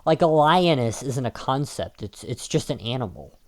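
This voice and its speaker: Speaking at a normal speed in an animated, mid-range voice with a darkish tone, this male video commentator argues his opinions combatively. He restarts frequently and leans on filler ums.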